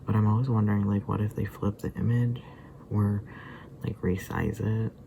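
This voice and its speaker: A man's voice: fairly low pitch, steady tone, moderate pace, creaky, background noise. A tired, sleepy man rambling casually to the camera, sometimes drifting into muttered whispers. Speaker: vlogger.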